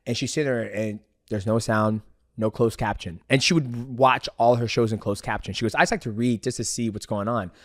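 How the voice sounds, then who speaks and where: A man in the host's chair, chatting casually and getting animated as he tells his stories. He swears freely and slips into voices for the people he quotes. The recording is close and dry, with almost no room sound. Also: medium pitch, fairly quick, no echo. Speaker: podcast host. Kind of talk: casual storytelling chat.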